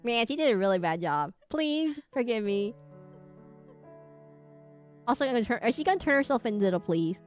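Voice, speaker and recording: A woman's voice: fairly high pitch, expressive, a little fast, pauses often, faint music behind. A woman streamer playing a romance horror game, reading the characters' lines aloud with drama and breaking off to react and laugh. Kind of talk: reading game dialogue aloud during a let's play.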